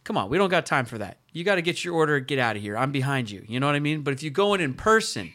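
Animated man hosting a sports podcast. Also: fairly high pitch, quick pace. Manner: animated, playful storytelling. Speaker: podcast host. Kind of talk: casual sports podcast chat.

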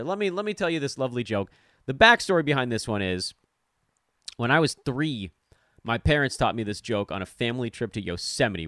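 A man's voice: fairly low pitch, fairly bright tone, dry recording, clean studio sound. A man in his thirties hosting a podcast, giving rambling, self-deprecating fantasy basketball commentary. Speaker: podcast host. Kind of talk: casual fantasy sports commentary.

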